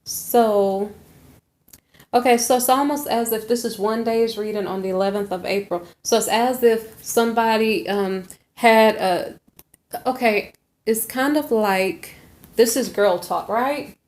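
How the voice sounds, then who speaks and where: A woman's voice: on the high side, a little slow, a little mellow. A woman reading tarot cards in a chatty, thinking-aloud way, sometimes acting out snippets of girl talk. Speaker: tarot reader. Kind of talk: casual tarot reading monologue.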